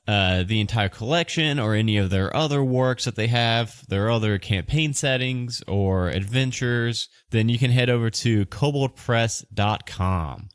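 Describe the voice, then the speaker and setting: A man who is a dungeon master and podcast host, doing a casual sponsor read and game narration in a chatty way full of fillers and quick asides. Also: mid-range voice, dry recording, clean studio sound.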